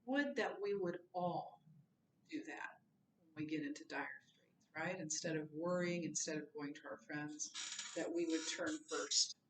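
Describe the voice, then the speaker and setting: A woman's voice: low voice, normal speed. A woman teaching a Bible class in a conversational, informal way, with personal asides. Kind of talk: recorded Bible lesson. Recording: roomy, from a distance.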